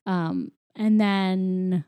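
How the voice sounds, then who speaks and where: A woman's voice: medium pitch, steady tone, very slow, mellow, clean tone, no room sound. A woman casually retelling a movie plot as a podcast co-host, rambling with lots of fillers and laughs. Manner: rambling, filler-heavy storytelling with frequent laughs. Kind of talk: casual chat, recapping a movie.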